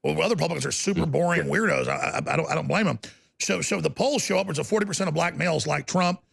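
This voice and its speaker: A middle-aged man hosting a combative political talk show, animated and indignant, repeating words as he gets worked up. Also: a little high, fast, gravelly, slightly rough.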